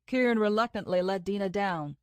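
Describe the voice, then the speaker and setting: A woman reading an audiobook aloud in a steady, even storytelling manner. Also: mid-range voice, fairly quick, no echo. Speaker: audiobook narrator. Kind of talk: scripted narration.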